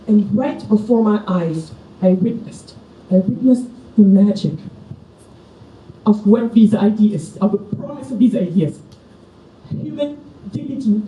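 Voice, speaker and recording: A woman's voice: medium pitch, expressive, measured pace, pauses often, dark tone, a little hiss or hum. A middle-aged woman from Senegal giving a passionate, personal keynote speech at a conference. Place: large conference hall. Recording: echoey hall from far off, faint ambience.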